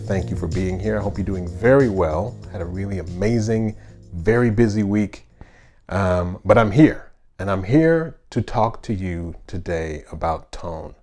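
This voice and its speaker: A man hosting his own channel, giving a casual, friendly bass lesson with fillers and asides from a home studio. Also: darkish tone. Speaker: bass teacher and channel host. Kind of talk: casual instructional talk.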